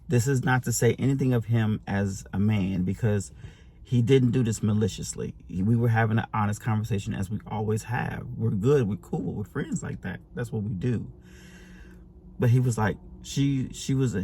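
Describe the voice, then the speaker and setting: Husky-voiced man telling a personal story. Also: medium pitch, a little mellow. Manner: earnest, rambling with frequent restarts; speaks self-affirmations to viewers. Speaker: relationship advice vlogger. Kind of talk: candid personal storytelling and advice.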